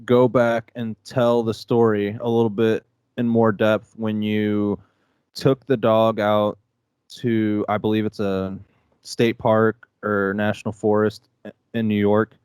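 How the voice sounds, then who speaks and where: A man hosting an interview, asking calm questions with pauses and restarts. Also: on the low side, smooth, dry recording, clean studio sound. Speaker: podcast host.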